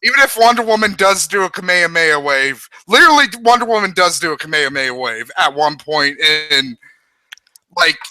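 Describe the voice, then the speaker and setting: A man co-hosting a podcast, riffing in rapid, animated, profane banter over a home mic. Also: a little high, no room sound, poor audio. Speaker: podcast co-host.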